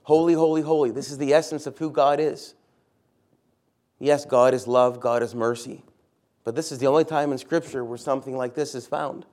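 A man's voice: medium pitch, fairly even intonation, normal speed, darkish tone. A man, a pastor, preaching a sermon in a church, stressing key words by repeating them and putting questions to the congregation.

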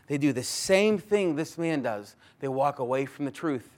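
A man preaching a sermon as pastor, earnest, swinging between loud pleading and hushed emphasis. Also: on the high side, animated, moderate pace.

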